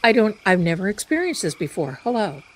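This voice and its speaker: A woman's voice: mid-range voice, very animated, a little fast. A woman voicing a confused, flustered woman on a phone call. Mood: bewildered. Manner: flustered, rambling.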